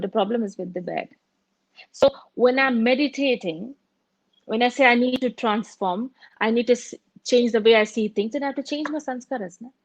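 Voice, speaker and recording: A woman's voice: on the high side, no echo, low-quality recording. A middle-aged woman teaching meditation in a spiritual talk, telling stories and acting out the dialogue in them. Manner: storytelling, acts out quoted dialogue.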